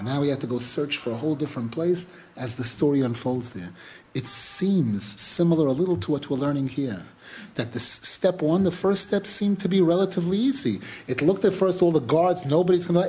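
A man's voice: fairly high pitch, normal speed, husky. A middle-aged man teaching a religious lesson through a retold folk tale, repeating himself and restarting phrases as he goes. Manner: repetitive, animated retelling with many restarts. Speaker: Torah teacher.

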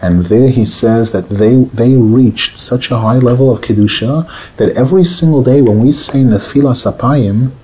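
Male rabbi, mellow tone, lively lecturer who acts out quotes. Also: moderate pace, rough recording. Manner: animated, acts out quotes with rising pitch, drops to a murmur. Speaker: rabbi teaching a Torah class. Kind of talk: Torah lecture.

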